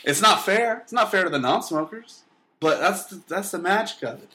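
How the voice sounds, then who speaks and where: A young man co-hosting a casual podcast, joking and swearing freely with loud outbursts. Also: high-pitched, animated, normal speed. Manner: profane, jokey, loud outbursts. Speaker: podcast co-host.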